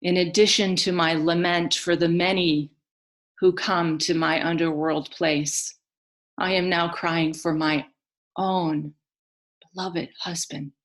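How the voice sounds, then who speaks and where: A woman voicing a grieving underworld queen, low and slow. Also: little pitch movement.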